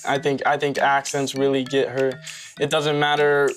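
A man's voice: medium pitch, monotone, normal speed, soft background music. A man on a reality show, teasing confidently in banter.

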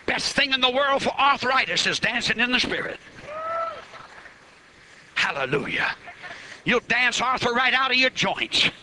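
A man's voice: very high-pitched, normal speed, hardly any pauses, background noise. A man preaching a live revival sermon at a church meeting, fiery and emphatic, stretching key words out.

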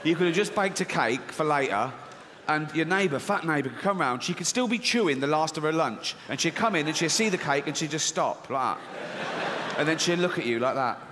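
An English comedian tells a story on stage with a crude, sardonic edge. His fairly high voice swoops around animatedly. The live recording carries a long hall reverb and clear crowd ambience. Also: expressive, a little fast, noisy background. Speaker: stand-up comedian. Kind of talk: stand-up comedy. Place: large theatre stage.

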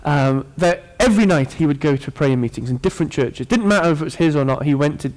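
Male preacher, slightly higher voice, sermon delivery, earnest with joking asides to the congregation. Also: lively intonation, fast talker, darkish tone.

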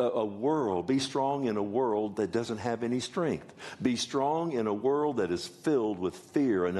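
Male pastor, lowish voice, emphatic preacher who draws the congregation in. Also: darkish tone. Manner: preaching with emphatic call-and-response. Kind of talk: sermon. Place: church sanctuary.

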